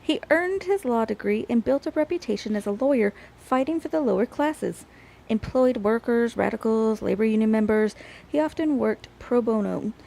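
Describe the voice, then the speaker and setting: A woman's voice: on the high side, expressive, moderate pace, vocal fry, dark tone, rough recording. A woman telling a history story on a casual group show, laughing often and trailing off mid-sentence.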